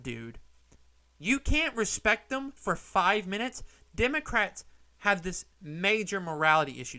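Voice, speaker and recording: A man's voice: high-pitched, sharp tone. A man hosting a political commentary vlog, ranting with heated indignation.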